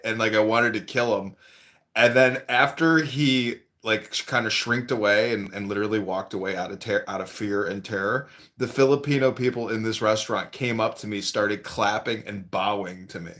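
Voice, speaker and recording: A man's voice: lowish voice, normal speed, fairly bright tone. A man in a casual group conversation, telling stories and giving blunt advice. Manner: blunt and lecturing. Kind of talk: casual group chat, storytelling.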